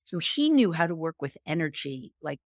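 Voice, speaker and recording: A middle-aged woman from New York with a New York accent, telling her story as a guest in an animated, chatty way. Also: deep voice, normal speed, dry recording, studio quality. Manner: animated, chatty, uses "like" often. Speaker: guest, psychic and spiritual teacher. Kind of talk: conversational storytelling.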